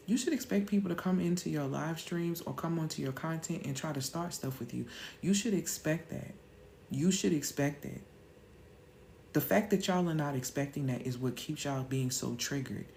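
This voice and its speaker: A woman's voice: sits low, dark tone, a little hiss or hum. A woman in her thirties hosting a live-stream motivational talk, emphatic and slangy, firing off rhetorical questions.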